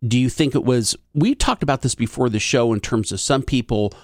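Brief: male co-host, mid-pitched, dry close sound, asks questions haltingly. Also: a little mellow, no room sound. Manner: questioning, hesitant with fillers. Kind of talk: talk show discussion.

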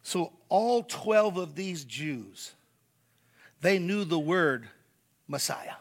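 A man's voice: high-pitched, lively intonation, extremely slow. A man preaching a sermon, emphatic, repeating key words and speaking straight to the congregation. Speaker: pastor.

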